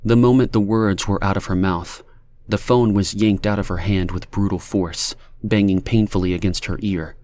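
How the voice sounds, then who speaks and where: A man with a low voice reading a dark novel aloud. His narration is steady and measured. The sound is dry and close, with no room around it. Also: no echo. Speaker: audiobook narrator. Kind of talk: audiobook narration.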